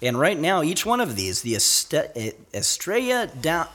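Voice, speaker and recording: A man's voice: a little high, huge pitch swings, unhurried, pushed and bright. A man co-hosting a casual podcast, chatting and reading out event listings. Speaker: podcast co-host. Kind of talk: casual chat with announcements.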